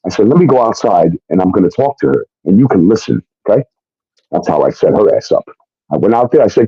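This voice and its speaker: A man's voice: medium pitch, fast talker, breathy edge, no room sound. A man telling a long profane story, acting out the voices of the people in it. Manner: animated, acts out quoted voices, swears often. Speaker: show guest telling his story. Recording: dull lo-fi stream audio.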